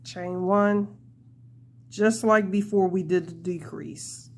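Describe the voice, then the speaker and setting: A woman's voice: lowish voice, slow, a little mellow. A young woman hosting a casual crochet tutorial, chatty and laughing often as she talks to her viewers.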